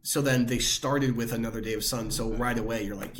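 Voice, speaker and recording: A young man co-hosting a pop culture podcast in casual chat. His pitch sits mid-range for a man. He talks loosely, circling back with plenty of filler words. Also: steady tone, moderate pace, a bit bright, a little hiss or hum. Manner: rambling, many "like" fillers. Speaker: podcast co-host.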